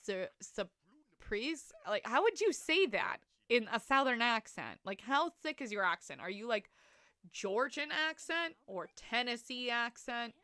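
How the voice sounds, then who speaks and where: Bright, chatty young woman streamer. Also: on the high side, sing-song, unhurried, no echo. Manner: rambling, chatty, laughs often. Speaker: game streamer. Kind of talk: casual live-stream chat.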